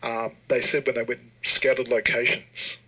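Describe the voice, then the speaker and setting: A man's voice: mid-range voice, little pitch movement, normal speed, bright, forceful tone, breathy edge, rough recording. A man from Australia, co-hosting a casual podcast chat and telling stories with lots of fillers and restarts. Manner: enthusiastic storyteller, loose fillers and restarts. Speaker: podcast co-host.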